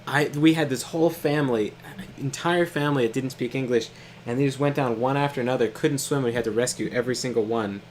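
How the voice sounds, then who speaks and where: A man's voice: mid-range voice, fast, a little hiss or hum. A young man casually telling a funny story to his brother while they play a game, laughing often and swearing freely. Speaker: co-host of a gaming stream.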